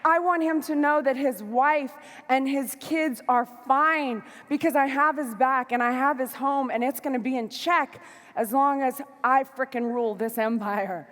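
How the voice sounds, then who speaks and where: A woman giving a motivational stage talk to a live audience, fiery and emphatic, moving between shouts and soft asides. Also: high voice, measured pace, long reverb tail. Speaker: motivational speaker. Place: large hall before a live audience.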